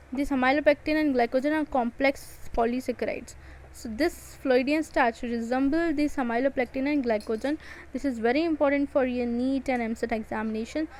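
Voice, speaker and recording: High-voiced Indian English woman teaching. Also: rough recording. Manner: repeats key points with emphasis, stressing words. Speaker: biology teacher. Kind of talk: exam-prep lecture.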